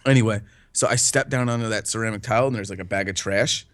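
A man's voice: on the low side, quick pace. A young man casually telling a story with friends, swearing freely and breaking into laughter. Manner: loose, profane, laughs through his story.

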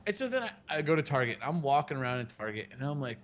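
A man's voice: mid-range voice, big pitch swings, quick pace, fairly bright tone. A man in his thirties hosting a podcast, telling rambling stories with a lot of swearing. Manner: rambling storyteller, swears freely. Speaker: podcast host. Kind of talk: casual chat.

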